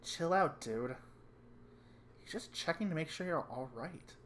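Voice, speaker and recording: A man's voice: fairly high pitch, lively intonation, measured pace, slight background noise, voice pushed up. A man voicing a blunt young woman student who scolds with exasperation, in a raised voice. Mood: annoyed.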